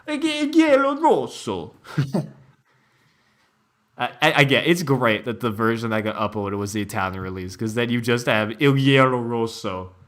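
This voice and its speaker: A man's voice: mid-range voice, fairly quick, hardly any pauses, a bit bright. A man streamer giving casual reaction commentary, laughing often and joking around.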